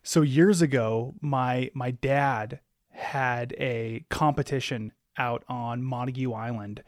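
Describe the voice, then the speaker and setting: A man hosting an interview podcast, talking slowly and hesitantly as he searches for words. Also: mid-range voice, steady tone, dry recording, studio quality. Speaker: podcast host.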